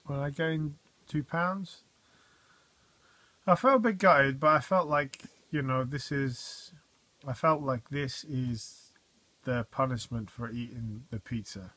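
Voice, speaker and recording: A man casually vlogging at home, telling rambling stories in a wry, often quiet way. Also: mid-range voice, takes it slowly, no room sound. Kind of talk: casual diet vlog.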